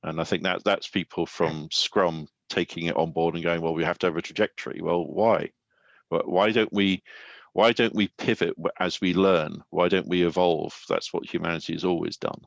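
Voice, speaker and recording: Very deep gravelly guy hosting a panel chat, lots of restarts, dry close sound. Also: fairly even intonation, normal speed, no echo, highs cut off. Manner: thoughtful, hesitant restarts, poses questions. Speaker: host and consultant. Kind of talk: casual online panel discussion.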